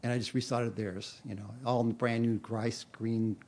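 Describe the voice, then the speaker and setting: A man's voice: mid-range voice, little pitch movement, normal speed, a little mellow. Middle-aged male pastor, chatty self-deprecating sermon delivery, mid-range voice. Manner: conversational, self-deprecating, laughs at himself. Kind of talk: sermon with personal story.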